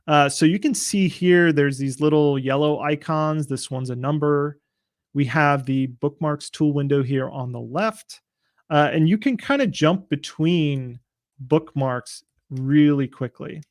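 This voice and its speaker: A man giving a casual software demo, explaining in a relaxed, loose way with frequent filler sounds. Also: a little high, unhurried, no room sound, studio quality. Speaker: software product demonstrator.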